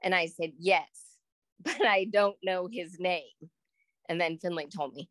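A woman's voice: lowish voice, steady tone, measured pace, a bit bright, no echo. A woman speaking as a guest with her brother, chatty and blunt, laughing often. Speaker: guest, host's sister. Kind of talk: casual chat.

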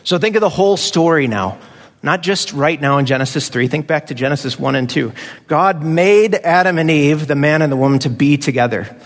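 A man's voice: fairly high pitch, lively intonation, brisk, big-room sound. A man preaching a conversational sermon as pastor, now and then acting out voices of children.

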